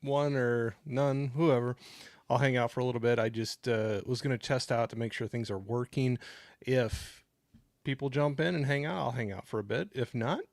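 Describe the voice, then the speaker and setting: A man's voice: mid-range voice, moderate pace, vocal fry, a little mellow, dry recording. A middle-aged man hosting a casual livestream from home, rambling easily, thanking viewers and reading the chat aloud on a new microphone. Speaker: livestream host. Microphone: new desktop microphone. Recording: dry, close microphone.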